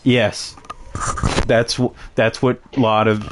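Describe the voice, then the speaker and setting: A man's voice: mid-range voice, flat delivery, takes it slowly, noisy background. A man streaming a game, chatting casually with many fillers and restarts. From Canada. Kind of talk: casual gaming chat.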